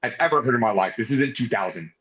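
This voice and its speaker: A man's voice: mid-range voice, animated, fast talker, a bit bright. A man co-hosting a casual wrestling review, talking animatedly and swearing often. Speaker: podcast co-host. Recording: roomy, dull lo-fi sound.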